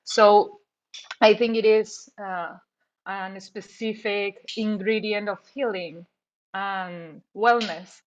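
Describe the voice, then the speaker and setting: A woman of middle pitch talking casually on a video call. She responds to a story and offers thanks, and her English has small grammar slips. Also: fairly even intonation, slow, muffled recording. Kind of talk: casual chat, giving thanks and feedback.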